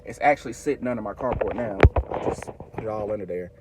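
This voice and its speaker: A man's voice: fairly low pitch, quick pace, very noisy. A man vlogging, casually retelling a frustrating errand in a chatty way, full of "like" and reported dialogue. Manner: chatty, retells conversations with many fillers. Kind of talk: casual storytelling.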